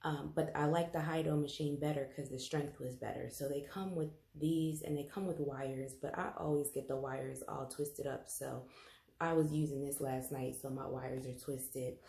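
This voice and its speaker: A woman's voice: very deep voice, fairly even intonation, normal speed, gravelly, mellow, echoey room. A woman giving a casual home demonstration as a health educator, chatty and apologetic, with many ums and restarts. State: out of breath.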